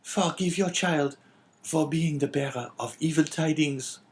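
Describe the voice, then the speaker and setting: A man reading an audiobook, voicing a gentle, tearful young woman pleading with her father. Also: a little high, a little slow, pitched above the performer's own voice, close to an everyday voice.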